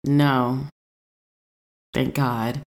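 A woman with a low-pitched voice talks casually with a co-host. She tells stories animatedly and laughs often. She swears freely, and her voice shoots up when she quotes herself. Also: drawn-out words. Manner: animated storytelling, jumps high when quoting herself. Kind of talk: casual chat.

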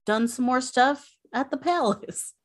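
A woman's voice: sits high, a little slow. A woman casually recapping an episode, chatty and full of fillers. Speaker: podcast host recapping an episode.

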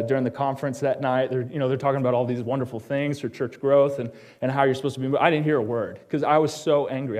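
A pastor delivers a personal sermon in church, recounting his own story and turning to toss quick questions at the congregation. On the solemn lines he goes quiet and low, dropping to a hushed tone.

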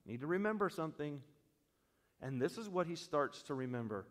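Man, pastor, sermon, slightly high voice, long church reverb, loud emphasis then quiet reflection. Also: lively intonation, brisk. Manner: humorous asides. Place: church sanctuary.

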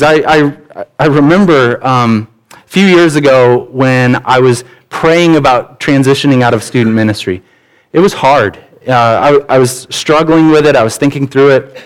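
A man's voice: mid-range voice, a little slow, low-quality recording. Male pastor, conversational sermon, candid and casual, mid-range voice.

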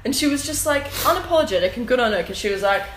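A woman's voice: fairly high pitch, expressive, racing, fairly bright tone, slight background noise. A woman co-hosting a podcast in casual chat, blunt and sarcastic, swearing freely. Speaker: podcast co-host. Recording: roomy echo.

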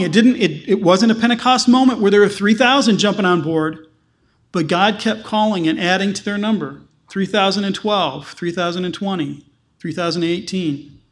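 A man, a pastor, preaching a sermon with emphatic, repeated phrases. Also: high voice.

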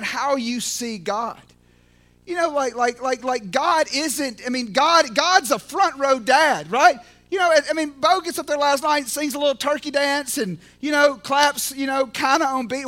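A man with a drawl preaching with fervor in a notably high, bright voice. He drops to near-whispered prayer, then bursts into loud, fired-up shouts, tripping over repeated words as he goes. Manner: swings from hushed prayer to shouted excitement; repeats words and restarts, casual fillers like man and you know. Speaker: podcast speaker at a recovery ministry. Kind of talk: impassioned preaching.

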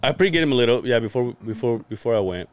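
A man on a casual podcast telling a story in animated fashion, laughing often and swearing freely. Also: medium pitch, fast, smooth, dry recording. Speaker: podcast co-host. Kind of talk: casual chat.

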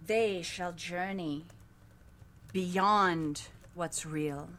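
A woman voicing a solemn female naiad oracle, intoning slowly in a low, half-whispered voice. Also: a bit bright, a little hiss or hum.

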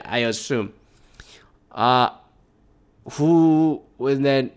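A young man giving casual, rambling commentary as a podcast host, profane and full of animated quoted asides. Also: medium pitch, slow, long pauses.

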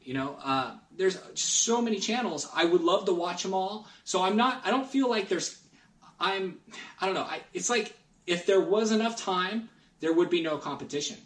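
A man's voice: sits high, lively intonation, moderate pace, fairly bright tone, far from the mic. Earnest, rambling male podcast guest, roomy off-mic sound. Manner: rambling, earnest, many restarts. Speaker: guest collector. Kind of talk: casual podcast chat.

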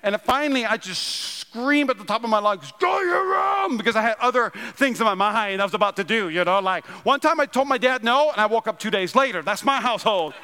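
High bright pastor guy from north dakota, storytelling sermon, big echoey hall. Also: a little fast, few pauses. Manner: animated storytelling, self-deprecating humor. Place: large church auditorium. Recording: long hall reverb.

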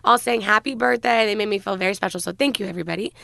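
A woman's voice: mid-range voice, racing, creaky, pushed and bright, no room sound. An American woman in her thirties hosting a podcast, bubbly and chatty, retelling stories with quoted voices. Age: 30s. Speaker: podcast host. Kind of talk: casual chat.

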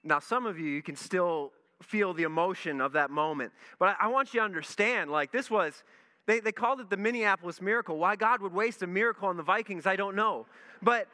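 A man, a pastor, telling a lively story in a sermon and acting out his own reactions. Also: sits high, brisk. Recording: long reverb in a large hall.

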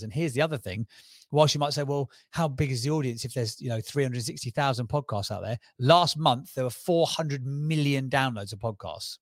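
A man with a Cockney accent, talking as a guest on a podcast interview, enthusiastic and persuasive with quick restarts. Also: mid-range voice, no room sound, clean studio sound. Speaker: podcast guest, brand strategist.

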